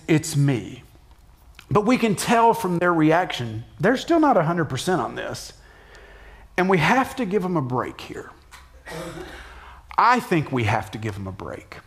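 A middle-aged pastor preaching in a relaxed, conversational way, his voice sitting a little higher than most men's. He often drops soft and low to press a point, then jumps up sharply to act out a shout. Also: a little slow, pauses often. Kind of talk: sermon.

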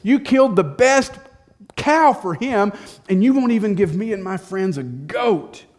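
A man voicing a resentful older brother, loud and scornful in his complaints. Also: mid-range voice, animated, unhurried. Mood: indignant.

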